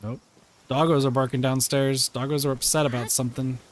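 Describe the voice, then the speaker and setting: A man's voice: medium pitch, little pitch movement, a little fast. A man streaming a game live, chatting playfully, reading and answering chat and reacting to the game as he plays. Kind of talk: live gameplay commentary. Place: home room.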